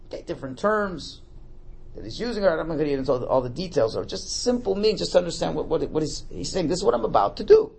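A man's voice: high voice, fast, vocal fry, breathy edge. A man teaching a class on a prayer text as a religious teacher. He asks questions and answers them himself, and often repeats words as he explains. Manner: animated, asks and answers his own questions.

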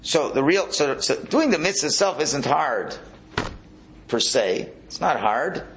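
A man teaching a Hasidic Torah class, animated and prone to repeating words and restarting his phrases. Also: fairly high pitch, measured pace, slight background noise. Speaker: religious teacher.

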